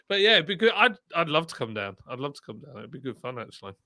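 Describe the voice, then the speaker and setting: A man's voice: a little high, big pitch swings, fast talker, noisy background. A man hosting a casual livestream chat, talking bluntly and laughing often. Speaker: livestream host, former brewery boss.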